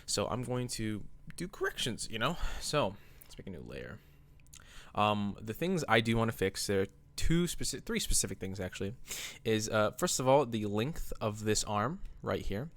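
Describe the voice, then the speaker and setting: A man with a slightly low voice talks casually about his drawing. He rambles in a relaxed, self-deprecating way and sounds a little out of breath. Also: moderate pace. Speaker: artist vlogger. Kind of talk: casual commentary over drawing.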